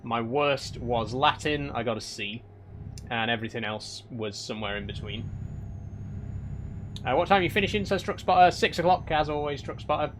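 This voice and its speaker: A man's voice: mid-range voice, normal speed, a little hiss or hum. Dry man chatting with viewers. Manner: dry, chatty, answers chat questions with mock exasperation. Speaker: streamer reading live chat. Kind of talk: casual live-stream chat while driving a truck game.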